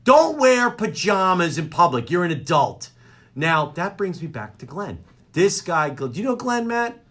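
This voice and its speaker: Male radio comedy host, bright tense tone, wildly swinging pitch, rants with exasperated energy. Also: measured pace. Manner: animated, exasperated ranting. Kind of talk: comedic rant. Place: radio studio.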